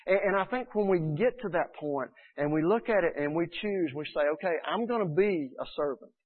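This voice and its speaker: A man preaching a sermon in an earnest, animated way, acting out the people he quotes. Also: sits high, a little fast. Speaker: pastor. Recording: tinny phone-like sound.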